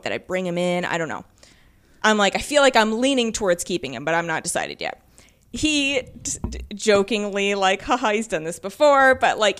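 A woman co-hosting a casual podcast, telling an animated story with laughs and acted-out quotes. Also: medium pitch. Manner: lively, laughing, acts out quotes. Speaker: podcast co-host.

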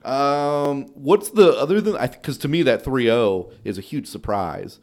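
A man's voice: medium pitch, expressive, darkish tone. Guy cohosting a sports comedy pod, very up-and-down voice, teasing and joking. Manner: jokey, teasing, quick with asides. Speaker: podcast co-host. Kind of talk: casual comedic sports chat.

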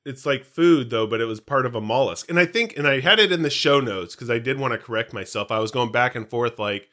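A man co-hosting a podcast, talking in a loose, rambling and jokey way. His voice is bright and his pitch moves around a lot. It sounds like easy banter between friends. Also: animated, brisk. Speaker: podcast co-host. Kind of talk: casual chat.

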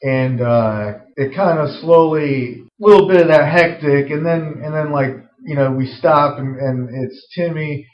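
A man casually pitching a film scene, rambling with lots of fillers and some swearing. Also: a little slow, hardly any pauses. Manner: rambling, full of "like" and "uh", profane. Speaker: screenwriter pitching a story. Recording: roomy, dull lo-fi recording.

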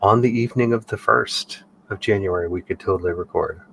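A man's voice: low-pitched, fairly quick, vocal fry, recorded from a distance, noisy background. Chatty man co-host, a bit off-mic. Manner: upbeat, laughs often, chatty. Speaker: podcast co-host. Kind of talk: casual chat.

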